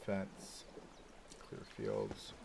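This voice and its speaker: A man's voice: a bass voice, big pitch swings, very slow, creaky, noisy background. A man casually talking through his theme park build on a live stream, thinking aloud with lots of "like" and "right?". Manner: chatty, thinking aloud with many "like"s and rhetorical "right?".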